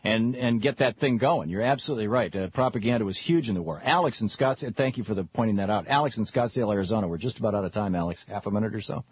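Rambling low-voiced radio host, lo-fi. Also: male voice, animated, fast, hardly any pauses, breathy edge, dry recording. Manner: rambling with frequent restarts. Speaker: radio talk show host. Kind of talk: call-in radio talk. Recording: dull lo-fi radio broadcast.

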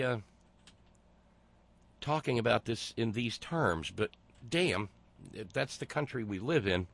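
A male talk host delivers sarcastic commentary at a slow, deliberate pace, often stopping on fillers and restarts. His voice sits at an ordinary middle pitch. The sound is dry and close, with no room around it. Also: fairly bright tone, dry recording. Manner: sarcastic, halting with many fillers. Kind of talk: casual commentary.

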